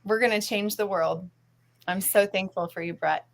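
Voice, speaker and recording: A woman's voice: mid-range voice, fairly even intonation, moderate pace. Upbeat woman counselor guest. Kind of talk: casual interview chat.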